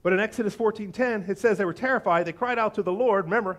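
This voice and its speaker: A male pastor preaches to his congregation, telling stories with lots of animation. He slips into quoted voices for his listeners and for biblical figures. His voice sits on the high side. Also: very fast. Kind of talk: sermon.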